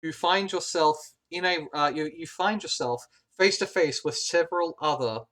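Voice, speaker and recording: A man narrating a tabletop game as game master, halting often with fillers and restarts. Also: a little high, a bit bright.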